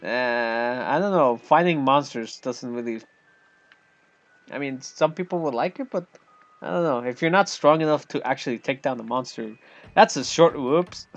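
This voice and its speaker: A man's voice: medium pitch, moderate pace, muffled recording, soft background music. A man chatting casually while playing a game, laughing often and joking at himself. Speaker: gamer.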